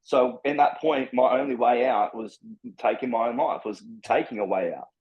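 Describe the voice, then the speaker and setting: On a podcast, an Australian-accented guest from Brisbane rambles through his life story, frank and full of profanity. His mid-range voice moves at a moderate pace, and the audio sounds dull.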